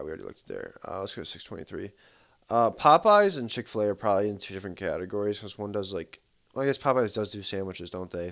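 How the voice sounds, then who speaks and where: A man with a fairly low voice hosts a casual livestream, commenting on a game as he goes. His talk is rambling and laid-back, packed with fillers and easy asides. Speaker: streamer.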